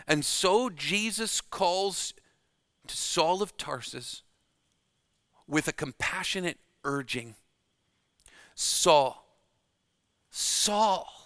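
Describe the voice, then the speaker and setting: A man preaching a sermon, slow and dramatic, dropping to a hush to stress key words. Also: high-pitched, animated, dry recording, studio quality.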